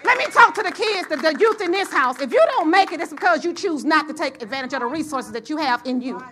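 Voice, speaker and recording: A female pastor delivers a sermon to her congregation, her voice high and her pace quick. She grows more excited as she goes, calling out to the church until she's shouting.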